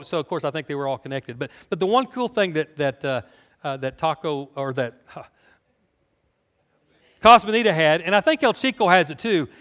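An American pastor preaches a sermon with an animated, conversational delivery packed with rhetorical questions, his voice pitched somewhat high.

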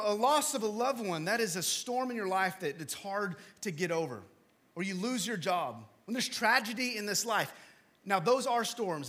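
A man preaching a sermon to a congregation, talking conversationally with small jokes and asides, then dropping to hushed, low emphasis before rising again. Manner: swings from loud emphatic to hushed low delivery. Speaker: pastor. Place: church hall with congregation.

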